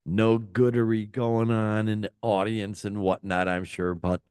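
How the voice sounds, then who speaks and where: A man's voice: lowish voice, flat delivery, measured pace, a little mellow, clean tone, no room sound, studio quality. An older man, co-hosting a casual rock chat show, rambling and joking with many fillers. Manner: rambling, jokey, lots of fillers. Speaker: podcast co-host.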